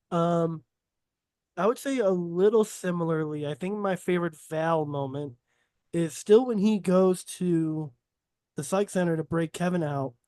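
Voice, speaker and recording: A man's voice: fairly high pitch, warm tone, no echo. A young man hosting a casual podcast, asking rambling questions full of fillers. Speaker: podcast host. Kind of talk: casual chat.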